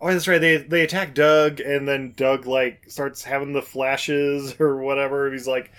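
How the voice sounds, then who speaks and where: A man's voice: mid-range voice, flat delivery, normal speed, fairly bright tone, clear, resonant tone. A man co-hosting a podcast, recapping a film in casual chat, rambling and laughing as he goes. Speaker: podcast co-host.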